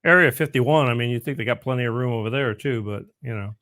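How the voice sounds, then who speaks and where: A man's voice: medium pitch, quick pace, pushed and bright, no echo, clean studio sound. A middle-aged man hosting a podcast, chatting casually and rambling a bit. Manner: rambling, self-interrupting. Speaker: podcast host. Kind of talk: casual chat, telling a joke.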